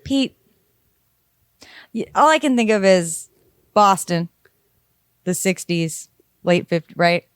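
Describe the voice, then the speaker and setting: A woman's voice: fairly low pitch, animated, a little slow, pauses often, smooth, dry recording. Playful woman podcast co-host. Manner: playful and silly. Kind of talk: casual chat.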